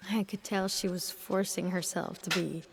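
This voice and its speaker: A woman voicing an adult narrator who calmly and reflectively recalls her childhood summers in a video game. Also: fairly low pitch, normal speed, gravelly, background noise. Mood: wistful. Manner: quiet, reflective storytelling. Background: music.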